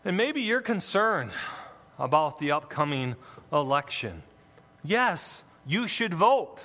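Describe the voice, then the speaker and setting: A male pastor preaches slowly and emphatically, his bright voice swinging widely in pitch. He drops in playful asides. A long reverb trails every phrase, as in a large church. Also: very animated. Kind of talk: sermon.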